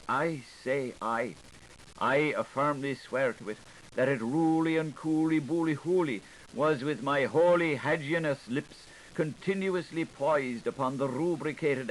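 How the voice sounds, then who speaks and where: Male audiobook reader, theatrical delivery that shifts between characters, middle pitch, faint hiss underneath. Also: rough recording. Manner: theatrical, switching between voices of questioners and the answerer. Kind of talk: unabridged literary audiobook reading.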